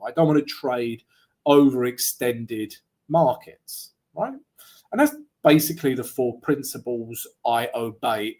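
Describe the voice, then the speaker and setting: Husky-voiced man talking through trades. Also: a little high, darkish tone. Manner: casual, chatty, frequent "right?" asides. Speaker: trading analyst. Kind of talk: live market analysis walkthrough.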